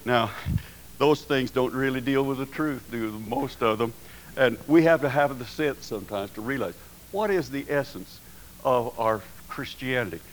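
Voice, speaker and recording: A man preaches a sermon in a folksy, conversational way. His voice sits at a middle pitch and climbs to emphatic peaks as he builds his points. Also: normal speed, slight background noise, poor audio. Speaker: pastor.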